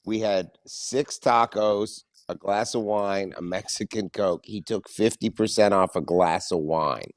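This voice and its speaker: A man's voice: fairly low pitch, unhurried, few pauses, no echo, studio quality. A man, a guest comedian in a casual podcast chat, griping indignantly and acting out the people he quotes.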